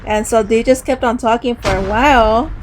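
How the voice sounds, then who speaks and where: A woman's voice: fairly high pitch, normal speed, a little hiss or hum. A woman hosting a mobile gaming video, chatting casually and telling a story with lots of "like" and "um". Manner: rambling, filler-heavy "like" and "um". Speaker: mobile gaming channel host.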